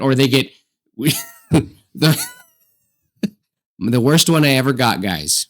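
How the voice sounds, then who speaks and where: A man co-hosting a podcast in casual chat, animated and apologetic, laughing often. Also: mid-range voice, slow, long pauses. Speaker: podcast co-host.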